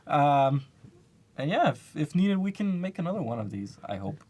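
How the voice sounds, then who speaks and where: A game designer chats on a developer livestream in a fairly high voice. He speaks in a relaxed, hesitant way, searching for words. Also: normal speed, breathy edge. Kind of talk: casual chat on a dev stream.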